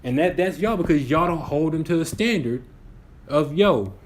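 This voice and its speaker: In a casual podcast chat, a male co-host in his twenties argues his opinions, restarting sentences as he develops his points. His fairly high-pitched voice is expressive and moves at a normal speed.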